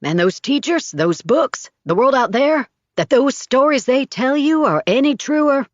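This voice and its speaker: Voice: high-pitched, animated, measured pace, no room sound, voice pushed up. A woman voicing a charismatic preacher father who speaks in a rousing, preacherly way, on a slightly dull recording. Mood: preachy.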